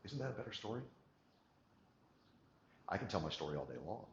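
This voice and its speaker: A man giving a motivational coaching talk, emphatic and repeating key words, moving from quiet to energized. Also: fairly low pitch, big pitch swings, fairly quick, vocal fry, reverberant, highs cut off, slight background noise. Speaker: business coach.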